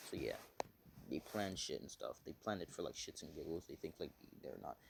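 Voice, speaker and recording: A man's voice: very deep voice, lively intonation, brisk, vocal fry, noisy background. A man casually telling a made-up story off the cuff, rambling, correcting himself often and swearing. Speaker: fan fiction storyteller.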